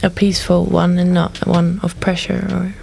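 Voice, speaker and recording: A woman's voice: fairly low pitch, completely flat delivery, normal speed, creaky, a little mellow, slight background noise. A woman in a casual art discussion, rambling through her thoughts with restarts and frequent "you know". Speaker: discussion guest.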